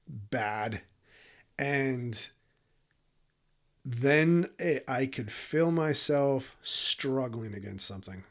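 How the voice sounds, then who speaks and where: A man co-hosting a podcast, telling a story in a candid, emotional, profane way and laughing often. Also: medium pitch. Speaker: podcast co-host. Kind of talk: casual storytelling chat.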